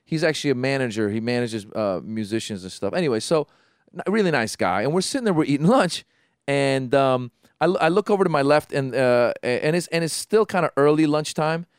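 A man on a podcast telling a story in casual chat, animated, with many restarts and acted-out voices. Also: medium pitch, brisk, clear, resonant tone, no room sound, clean studio sound.

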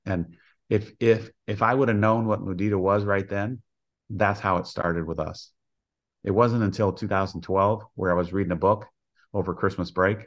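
An older man, a college softball coach, telling stories in an interview with an earnest manner, acting out the voices of people he quotes. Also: sits low, dull audio. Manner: earnest storyteller who acts out quoted dialogue. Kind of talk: storytelling interview.

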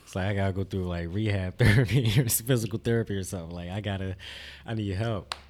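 A man's voice: lowish voice, steady tone, fast talker, a little mellow. A young man, a podcast guest, rambling through stories and laughing through his words. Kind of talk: casual chat.

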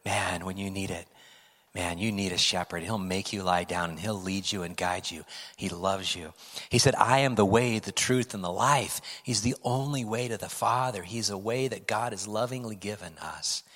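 A middle-aged man preaching a sermon as pastor, swinging from loud emphatic lines down to hushed whispers. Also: sits low, normal speed. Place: church sanctuary. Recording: preaching in a hall with long reverb.

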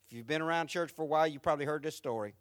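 A man preaching a sermon, moving from quiet, reflective lines to loud, repeated build-ups. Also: a little high, very fast, no room sound, studio quality. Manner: swings from quiet to rising, repetitive preaching. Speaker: pastor.

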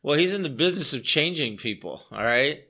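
A man preaching with a very bright, ringing voice pitched a little above most men. He speaks as a pastor in an earnest, conversational way. He hammers points home by repeating phrases and asking his listeners questions. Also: lively intonation, a little fast, gravelly. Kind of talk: conversational sermon.

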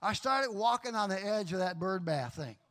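A middle-aged man preaches in a church, voice pitched high for a man. He tells his story with animation, laughing and acting out the other voices as he goes. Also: lively intonation, normal speed, a bit bright. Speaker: pastor. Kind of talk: sermon with personal story.

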